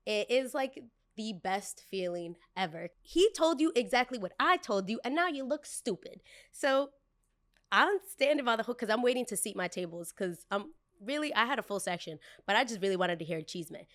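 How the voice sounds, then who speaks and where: Young woman, podcast host, lively storyteller who voices the people she quotes. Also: mid-range voice, normal speed. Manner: animated, acts out quotes with shifting voices.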